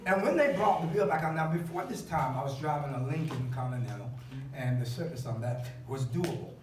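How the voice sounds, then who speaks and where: A man preaching a story, laughing often and rising to shouts. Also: fairly high pitch, animated, brisk. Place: church. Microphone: far camera. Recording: echoey church from far off, loud congregation.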